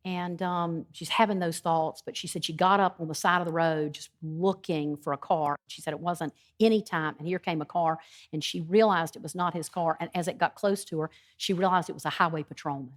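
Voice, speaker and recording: A woman's voice: fairly low pitch, fairly even intonation, brisk. A woman guest speaker earnestly retelling a testimony at a Bible study, with frequent ums and hesitations.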